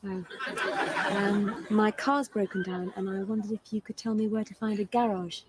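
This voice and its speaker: A woman's voice: mid-range voice, fairly even intonation, moderate pace, a faint crowd, a little hiss or hum, natural voice, poor audio. An actress playing a polite, hesitant lost woman motorist in a comedy sketch.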